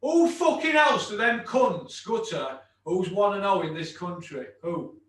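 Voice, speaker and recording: A man's voice: high voice, very animated, a little slow, a bit bright, far from the mic. Sweary man in an echoey room. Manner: blunt, sweary, mock-aggressive banter. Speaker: host. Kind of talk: casual podcast chat.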